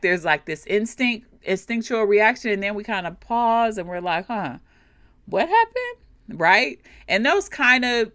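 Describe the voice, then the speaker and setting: A woman hosts a coaching podcast in a warm, conversational manner, speaking straight to her audience. Her pitch rises and falls a lot as she explains things. The recording is dry, with no room sound. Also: dry recording. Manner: animated, conversational, addresses listeners directly. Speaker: leadership coach and podcast host.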